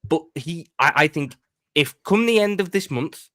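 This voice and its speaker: A man on a football chat show making his case with a measured anecdote. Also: fairly high pitch, animated, a bit bright, dry recording. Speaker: guest pundit. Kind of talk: casual football debate.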